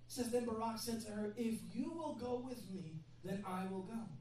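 Preacher in a booming, echoey hall. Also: normal speed, few pauses, dark tone, a little hiss or hum. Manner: conversational, joking asides to the congregation. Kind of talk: sermon. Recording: very echoey hall, mic far off, faint ambience.

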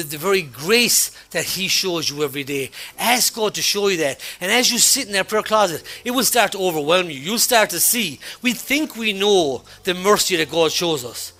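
A man preaching a sermon, talking conversationally through a personal story, with frequent restarts and an animated retelling of dialogue. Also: on the high side. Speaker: pastor.

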